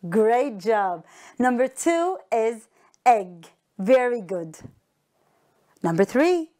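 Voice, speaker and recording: Woman teacher doing a kids english lesson, high voice, slow and super clear, lots of praise. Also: very animated, a little mellow. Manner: encouraging, slow and clearly enunciated, repeats words. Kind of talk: broadcast lesson for young children.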